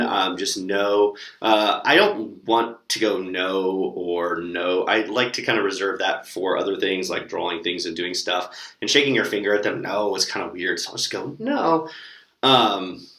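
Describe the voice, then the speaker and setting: A man's voice: sits low, measured pace, reverberant. A young man casually sharing tips for teaching online classes, with lots of ums and demonstrated words. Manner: relaxed, lots of fillers, demonstrates words with gestures.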